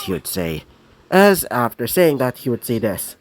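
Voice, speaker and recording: A young man casually narrating an improvised fan-fiction story, rambling with many fillers and asides, now and then clearing his throat. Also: medium pitch, big pitch swings, normal speed.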